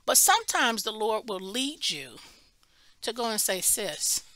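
With a voice on the high side and a slightly slow pace, a woman preacher animatedly tells a Bible study story. She gives voice to the people in it and restarts phrases emphatically, with no echo in the recording.

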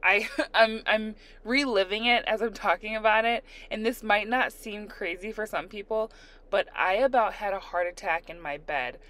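Animated woman telling a story. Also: medium pitch, moderate pace. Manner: animated, laughing, re-enacting her own panic. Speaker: storyteller, nail art vlogger. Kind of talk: casual story time while doing nails.

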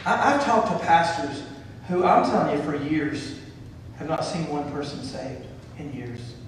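Male pastor, fervent sermon, slightly high voice, distant hall reverb. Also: a little slow, creaky, slight background noise. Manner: fervent, builds to shouting, repeats phrases. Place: church sanctuary. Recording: echoey church hall from far off.

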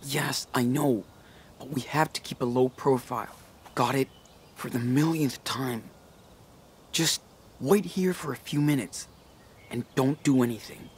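An actor voicing a wry, protective teenage older brother in a video game, with faint outdoor noise and birds behind. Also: male voice, mid-range voice, a little slow, pauses often, natural voice. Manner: wry, guarded.

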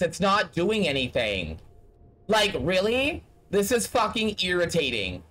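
A streamer talking through a game demo live, in a mid-pitched voice that sits neither high nor low. The talk is loose and profane, full of exasperated asides aimed at the game and the chat. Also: huge pitch swings, a little slow, a bit bright. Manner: profane, exasperated running commentary.

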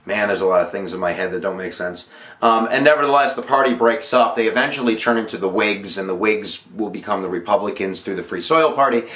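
A man's voice: on the low side, brisk, a bit bright. A male history teacher giving a casual, jokey exam-review lesson with emphatic points and self-mocking asides. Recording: echoey room.

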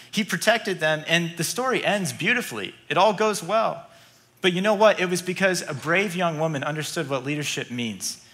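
Casting: male preacher, lively storyteller, high pitch, bright tone. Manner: lively storytelling, chuckling asides. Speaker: pastor. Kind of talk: sermon. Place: church auditorium.

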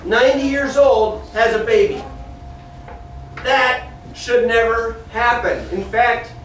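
A man with a strikingly high, slightly bright voice leads a children's Bible lesson, telling the story with animation and stopping to keep the kids in line. He speaks slowly with fairly even intonation. He sounds far from the mic in a very echoey church classroom, with faint noise beneath.

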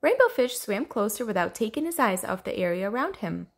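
A woman reading a children's storybook aloud in an expressive, storybook way. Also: mid-range voice, brisk, creaky, slightly rough. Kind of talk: children's read-aloud narration.

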